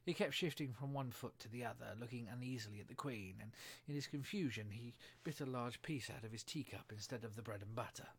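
A man narrating a storybook aloud in a steady, soft-spoken way. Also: medium pitch, fairly quick. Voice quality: husky, breathy.

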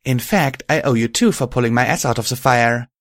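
A man's voice: mid-range voice, brisk, a bit bright, no room sound, clean studio sound, voice pushed up, close to an everyday voice. A man voicing an earnest, emotional young winged pony hero. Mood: grateful.

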